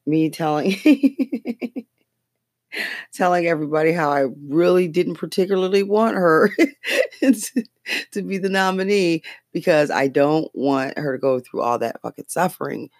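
In a casual political chat, a podcast host rambles loosely, swearing and laughing often. The voice is medium-pitched and a little slow, captured in a dry, studio-quality recording.

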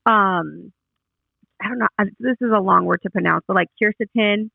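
A man's voice: high voice, moderate pace, gravelly, no room sound. A man in casual chat listing tips one by one, tripping over long words, heard on a phone-like line. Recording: dry tinny phone-like line.

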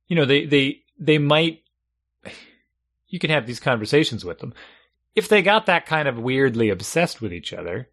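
A middle-aged man in casual chat as a podcast co-host, animated and laughing often, with frequent restarts. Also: on the high side.

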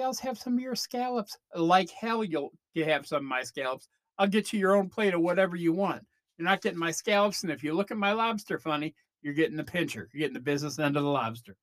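A man's voice: high-pitched, a bit bright. A man hosts his comedy podcast with a rambling rant full of restarts and exaggerated impressions. He talks into a close mic. The sound is dry, with no room echo at all. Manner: rambling, self-interrupting rant with mock voices. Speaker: podcast host. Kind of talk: comedic monologue.

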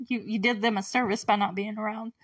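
A woman's voice: mid-range voice, fairly even intonation, fast, no echo, far from the mic. A woman hosting a casual solo podcast, chatty and effusive, laughing often as she recaps a show. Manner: chatty and effusive, laughs often, quotes characters in brief put-on voices.

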